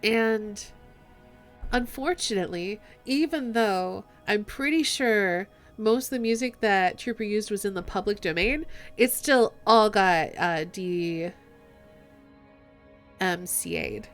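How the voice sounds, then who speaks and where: A woman streams a game in a casual, reflective way, reading the dialogue choices aloud and musing between them. Her pitch sits in a middle range. Faint music plays behind her. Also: takes it slowly.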